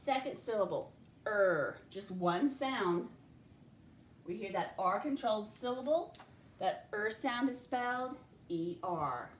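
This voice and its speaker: A woman teaching a spelling lesson, speaking slowly and clearly and sounding out each letter and syllable. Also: mid-range voice, animated. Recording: echoey room with faint ambient noise.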